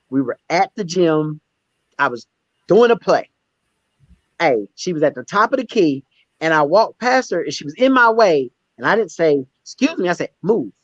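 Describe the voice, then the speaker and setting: Emphatic man with a bright lifted voice. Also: no room sound, highs cut off. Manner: emphatic, repeats words and restarts, animated pitch swings. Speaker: stand-up comedian and guest. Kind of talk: candid conversational storytelling.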